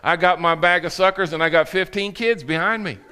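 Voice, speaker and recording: A man's voice: sits high, a little fast, bright, forceful tone, clear, resonant tone, in a large hall, some chatter behind. A male preacher giving a sermon with folksy, humorous storytelling. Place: church sanctuary.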